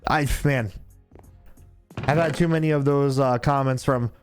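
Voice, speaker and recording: A man's voice: medium pitch, fairly even intonation, unhurried, soft background music. A tired man live-streaming a game, chatting casually, swearing freely and laughing often. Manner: laid-back, swears a lot, laughs often.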